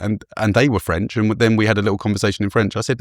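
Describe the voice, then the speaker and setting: Podcast host from England, chatty storyteller, a bit low-pitched, dry recording. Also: male voice, fairly even intonation, fast talker, few pauses, no echo. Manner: chatty, self-deprecating, laughs often. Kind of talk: casual storytelling chat.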